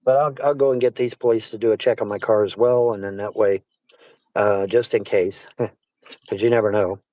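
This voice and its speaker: A man's voice: lowish voice, fairly even intonation, moderate pace, dark tone, no echo, lo-fi sound. Casting: man, casual stream guest, rambling and profane, repeats lines, dry close sound. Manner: rambling, repeats himself, swears. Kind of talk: casual chat.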